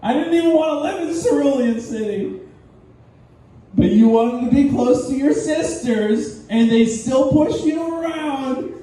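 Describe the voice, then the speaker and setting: A man's voice: high-pitched, lively intonation, normal speed, hardly any pauses, warm tone, voice pushed up. A man playing a resentful male partner who whines through his complaints. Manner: whining, complaining. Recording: echoey room from a distance.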